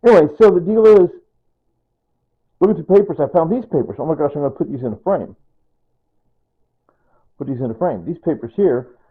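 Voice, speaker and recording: A man's voice: on the high side, lively intonation, fairly quick, long pauses, breathy edge. An older man talking in a casual personal vlog, rambling and sentimental, often repeating himself. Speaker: vlogger. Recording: tinny phone-like sound.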